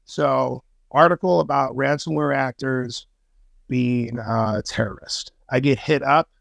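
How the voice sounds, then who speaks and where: Gravelly-voiced man telling a street-slang story. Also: medium pitch, steady tone, unhurried, fairly bright tone, no echo, studio quality. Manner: swears freely, loose street slang. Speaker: podcast guest. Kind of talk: casual interview storytelling.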